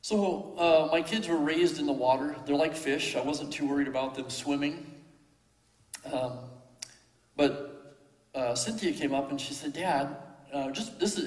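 A middle-aged man with a gravelly edge to his voice tells a personal story, halting and reflective, full of "uh"s and restarts. His voice rings through a roomy hall with a long, lingering reverb. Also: medium pitch. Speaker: father telling a personal story.

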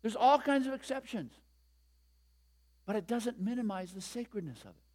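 A man's voice: sits high, expressive, normal speed, a little mellow, husky. A man in his sixties preaching a conversational sermon, stressing points and asking the congregation questions. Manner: conversational, emphatic, asks the room questions. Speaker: pastor.

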